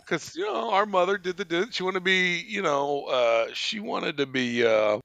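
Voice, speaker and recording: A man's voice: high-pitched, lively intonation, moderate pace, vocal fry, fairly bright tone, no echo. A man hosting a podcast, telling a rambling, profane family story and laughing often. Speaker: podcast host. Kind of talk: casual storytelling.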